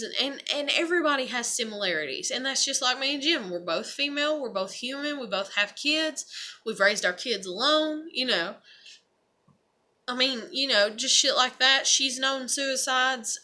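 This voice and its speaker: A middle-aged woman vlogging straight to camera, her voice bright and a little high. She rambles in loose, earnest reflection, swearing freely and leaning on "you know" and "like.". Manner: rambling, heavy with fillers and profanity. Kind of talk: casual personal monologue.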